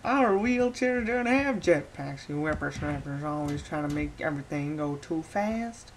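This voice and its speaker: A woman putting on the voice of a grumpy old man in a jetpack wheelchair, with a slow, cranky drawl. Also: low-pitched, expressive, slight background noise, voice pushed down. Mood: grumbling.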